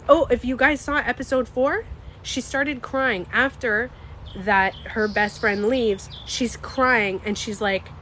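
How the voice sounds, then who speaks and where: A woman's voice: fairly high pitch, slight background noise. A young woman hosting a casual livestream, talking emphatically and answering chat comments. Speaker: livestream host.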